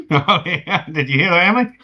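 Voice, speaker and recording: A man's voice: high-pitched, lively intonation, normal speed. A Scottish man rambling and joking through a spoken letter to family at home. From Scotland. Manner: rambling, joking, self-mocking. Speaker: cassette letter writer. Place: home living room with friends. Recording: dull lo-fi home cassette.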